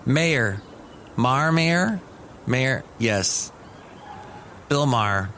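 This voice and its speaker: A man's voice: mid-range voice, lively intonation, extremely slow, fairly bright tone, a little hiss or hum. A middle-aged man hosting a solo comedy podcast, chatty, wry and meandering. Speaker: podcast host.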